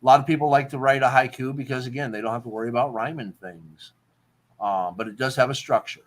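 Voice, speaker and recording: Male host, mid pitch, easygoing teacher-like explainer on a casual podcast. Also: fairly even intonation, quick pace. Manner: explains terms, checks in with "okay?". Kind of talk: casual poetry talk.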